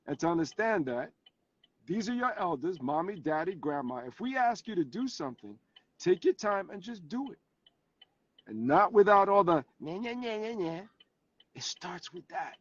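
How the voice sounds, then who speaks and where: A man, a guest actor and advocate, tells animated stories about parenting while sitting in his car on a video call. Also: high-pitched, dry recording. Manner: animated storyteller, acts out family scenes. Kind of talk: casual interview over video call. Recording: dull lo-fi call audio.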